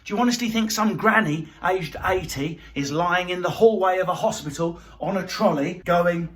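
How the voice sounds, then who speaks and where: Sweary high-voiced English comedian ranting. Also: male voice, normal speed, hardly any pauses. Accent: southeast English. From southeast England. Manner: sweary, ranting, shouting at peaks. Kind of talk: comic rant.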